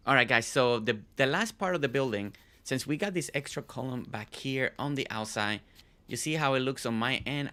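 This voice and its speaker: A man's voice: mid-range voice, fairly bright tone. A man from Puerto Rico hosting a casual game stream, chatting in a rambling way with lots of fillers. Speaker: streamer host.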